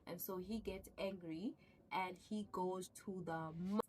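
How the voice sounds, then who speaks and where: A woman vlogger recapping a TV series in casual chat with viewers, excitable, often repeating herself and stumbling over words. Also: on the low side, a little slow, recorded from a distance, low-quality recording.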